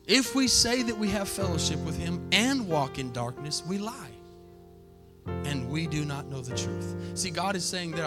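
A man preaching a sermon to his church, impassioned, swinging from soft reflection to near-shouted, chanted exhortation. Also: fairly high pitch, lively intonation, moderate pace, loud music behind the voice. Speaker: pastor. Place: church sanctuary.

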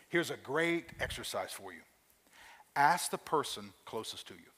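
A man pastor giving a sermon and closing prayer, emphatic, repeating key questions and swinging from loud to hushed. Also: mid-range voice, sing-song, moderate pace.

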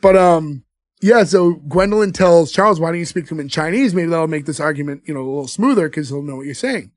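Man, high pitched, dry recording, casual podcast co-host, laughs a lot. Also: quick pace, dry recording. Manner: relaxed, retells scenes, laughs often. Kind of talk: casual movie-review chat.

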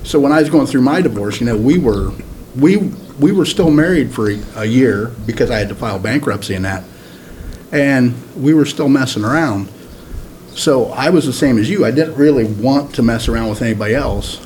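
Guy on a podcast chatting, crude and laughing, mid-pitched, bit of hiss. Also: animated, fairly quick, a little mellow. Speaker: podcast co-host. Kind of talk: casual chat.

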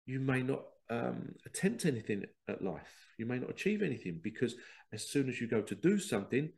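An emphatic man talks through a spiritual self-help monologue in a middle-pitched voice. He hammers his points home and keeps dropping into quick impressions of the people he describes. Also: big pitch swings, gravelly, a little mellow. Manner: emphatic, breaks into acted voices of others. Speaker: podcast host.

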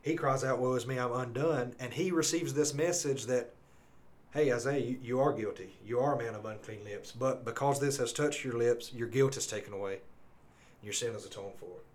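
An earnest man with a mid-range voice co-hosts a podcast of conversational Bible teaching. He reads scripture slowly and emphatically, then rambles with restarts.

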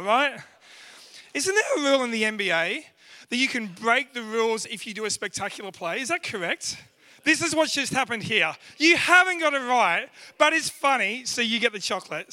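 Aussie guy, really high and bright voice, jokey church talk with the crowd. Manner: playful, jokey, quizzing the crowd. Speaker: church speaker. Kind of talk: lively talk with a church audience.

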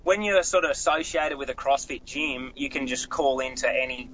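Young australian dude, bright ringing voice, loose rambly chat, kinda dull sound. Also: male voice, mid-range voice, normal speed, a little hiss or hum. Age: young adult. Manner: rambling, earnest, many restarts and "like"s. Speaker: guest, pro bass angler. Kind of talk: casual interview talk. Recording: slightly dull audio.

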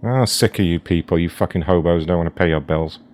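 A man's voice: low voice, brisk, a little mellow, close to an everyday voice. A man playing a rude, indignant woman boss of a filter company who hurls insults on a prank call. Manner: insulting, indignant, foul-mouthed.

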